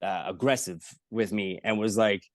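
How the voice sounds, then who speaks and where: A comedian telling animated, jokey stories in an interview, acting out the people he quotes and swearing freely. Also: lowish voice, moderate pace, no room sound. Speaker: comedian guest. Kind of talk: casual storytelling in an interview.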